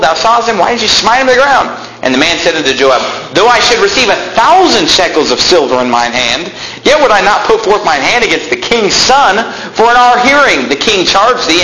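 A man's voice: sits high, bright, forceful tone, slight background noise. A young man preaching a sermon, reading scripture aloud and explaining it in plain talk, building to fervent emphasis. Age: young adult. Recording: echoey room with faint ambience.

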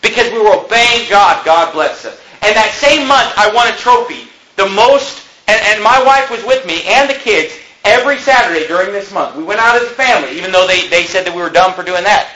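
A young man preaching a fiery sermon, joking one moment and shouting the next. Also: high voice, animated, brisk, hardly any pauses, poor audio. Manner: impassioned, swings between joking and shouting.

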